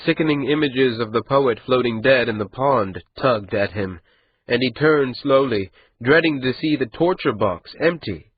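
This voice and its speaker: A man narrating an audiobook in a measured, unhurried reading. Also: mid-range voice, animated, breathy edge, phone-quality sound. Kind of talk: scripted narration.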